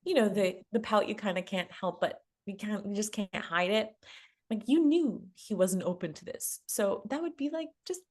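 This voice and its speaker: A woman love coach telling a personal story in a relaxed conversation, laughing often and acting out what people said. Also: medium pitch, normal speed. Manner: animated, laughs often, acts out quotes.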